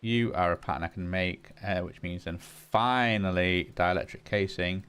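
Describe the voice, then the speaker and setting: A man hosting a relaxed gaming session, thinking aloud and chatting to the items he crafts. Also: sits low, normal speed, clean tone. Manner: muses aloud, talks to game items. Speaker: gaming channel host. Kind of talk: casual gameplay commentary.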